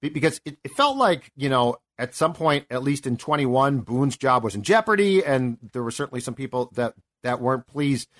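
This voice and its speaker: Male co-host, halting questioner. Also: mid-range voice, expressive. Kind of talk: casual sports chat.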